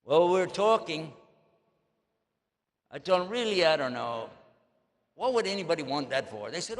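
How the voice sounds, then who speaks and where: Older man, Texan drawl, folksy joking storyteller, slightly high voice, long hall reverb. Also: very animated, normal speed, long pauses. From Texas. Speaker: Islamic preacher. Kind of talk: storytelling lecture to an audience. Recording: long echo of a large hall.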